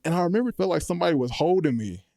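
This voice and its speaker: Guest, 20s, man; mellow tone, earnest and lively storyteller, close dry mic. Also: fairly high pitch, rapid-fire, vocal fry, dry recording. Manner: earnest, animated when retelling, lively storytelling. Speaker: podcast guest, college football player. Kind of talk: casual faith testimony. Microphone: podcast microphone.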